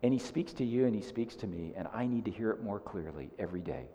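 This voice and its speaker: A male pastor preaching a sermon in an earnest, repetitive way, often dropping soft on key lines. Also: fairly low pitch, expressive, fast, big-room sound, dull audio.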